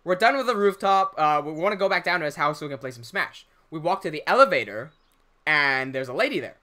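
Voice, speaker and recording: A young man hosting a livestream, casually telling an animated story, laughing often and swearing freely. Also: fairly high pitch, fast. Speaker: livestream host.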